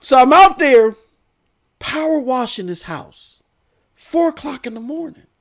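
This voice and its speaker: A man hosting a gaming news stream, telling a rambling story in a loud, animated way. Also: very high voice, measured pace. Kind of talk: casual storytelling rant.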